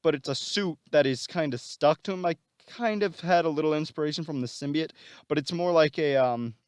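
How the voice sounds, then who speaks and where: Rambling man with a higher voice. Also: a little fast, smooth, no echo, clean studio sound. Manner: rambling, heavy on fillers. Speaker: storyteller. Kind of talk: casual plot retelling.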